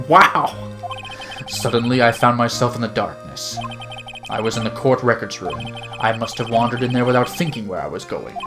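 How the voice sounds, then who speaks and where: A man's voice: medium pitch, natural voice. A man putting on a furious old prosecutor. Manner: snarling, vengeful, theatrical shouting. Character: ruthless proud older male prosecutor. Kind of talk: reading game dialogue aloud.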